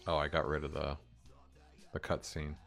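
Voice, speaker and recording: A man developing a game on a live stream, talking to himself and swearing casually, his voice a bit hoarse. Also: extremely low pitch, monotone, moderate pace, a bit bright, soft background music.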